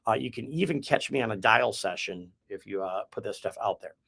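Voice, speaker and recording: A man's voice: lowish voice, lively intonation, fairly quick, vocal fry, fairly bright tone, husky. A man from the Midwest hosting a real estate podcast, explaining his methods in a folksy, rambling way with restarts. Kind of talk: casual podcast chat.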